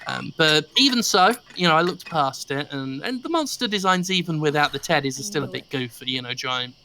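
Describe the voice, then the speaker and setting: A man's voice: a little high, expressive, brisk, gravelly, pushed and bright. A young English man chatting casually as a stream guest, rambling and self-deprecating with many restarts. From England.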